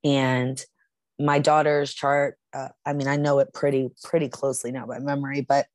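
Low-voiced woman telling a story earnestly. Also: level tone, moderate pace, a little mellow, no echo. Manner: earnest, with frequent restarts and filler. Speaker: podcast co-host. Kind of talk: casual conversational storytelling.

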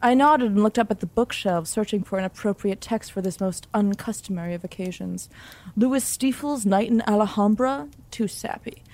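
A woman reads a comic mock romance aloud with a deadpan, overwrought delivery. Her voice sits in a middle register, plain and unhurried. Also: mid-range voice. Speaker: narrator. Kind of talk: comedic mock-romantic narration.

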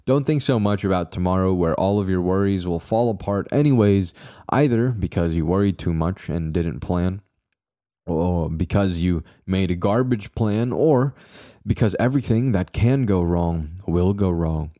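A young man with a low, mellow voice talks alone into his podcast mic, rambling from thought to thought with jokey, self-deprecating asides to his few listeners. The sound is close and dry. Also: normal speed, no echo. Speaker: podcast host. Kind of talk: casual solo podcast monologue.

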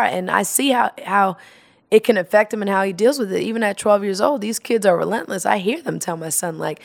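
This woman speaks fairly quickly in a gravelly, mid-range voice. She's a guest in a casual interview chat, animatedly telling stories, laughing, and acting out quoted lines.

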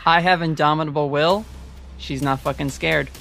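Low-voiced blunt woman player. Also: steady tone, normal speed, vocal fry, loud music behind the voice. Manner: blunt, swears casually. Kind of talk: casual tabletop play.

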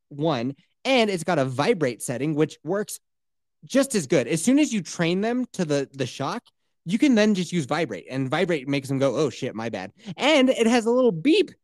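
A young man telling a story in casual chat, animated and full of swearing. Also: fairly high pitch, no room sound, clean studio sound.

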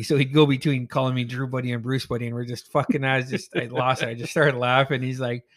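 A man at mid pitch tells a rambling story in casual chat, swearing freely and laughing as he goes. He sounds like a podcast host. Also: little pitch movement, fast, hardly any pauses, fairly bright tone.

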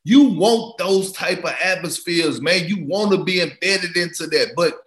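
A man with a voice that sits a bit high hosts a casual sports podcast. He talks in a playful, joking way and keeps the chat loose. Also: moderate pace, fairly bright tone. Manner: playful, joking, laughs often. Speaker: podcast host, former player.

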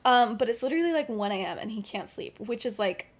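Young female podcaster, slightly high voice, loose and chatty storyteller. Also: animated, fast. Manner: chatty, full of "like" and "um", laughs often. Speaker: podcast co-host. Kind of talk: casual fan-fiction storytelling.

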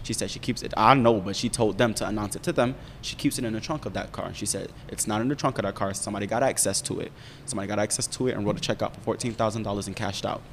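A young man in casual chat, candidly telling a story, profane and animated as he talks. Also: very fast. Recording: roomy reverb with faint rumble.

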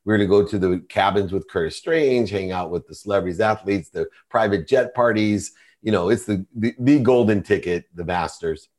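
A man's voice: fairly low pitch, normal speed, darkish tone. A middle-aged man, a podcast guest, telling a personal story in an earnest, confessional way.

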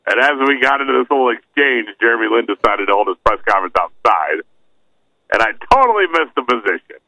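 A man co-hosting a podcast in casual comedy chat, relaxed and storytelling, often repeating words as he starts a thought. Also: on the low side, fast, dry recording, low-quality recording. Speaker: podcast co-host.

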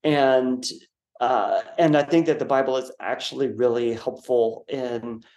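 A man's voice: mid-range voice, fairly even intonation, measured pace, darkish tone. Male guest author in a roomy, echoing room. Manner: thoughtful, explaining with fillers and self-corrections. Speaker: guest author and Bible scholar. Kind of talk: conversational explanation in an interview. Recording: roomy echo.

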